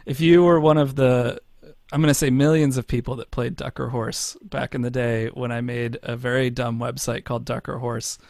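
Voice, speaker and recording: A podcast co-host talking in casual, excitable chat and laughing easily at himself. His voice has a gravelly edge and sits at a middle pitch. The recording is dry and close. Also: moderate pace, no room sound. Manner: excitable, self-mocking, laughs often.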